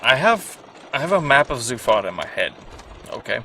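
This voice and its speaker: A man casually commenting on his own animated series, rambling, swearing and poking fun at himself. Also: medium pitch, moderate pace, slight background noise. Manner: rambling, profane, self-mocking. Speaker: creator of an animated web series.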